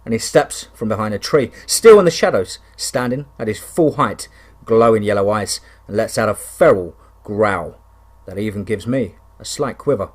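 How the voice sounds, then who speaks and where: A man reading a first-person wilderness horror story in a steady, conversational way with dry touches of humour. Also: fairly low pitch, normal speed, hardly any pauses.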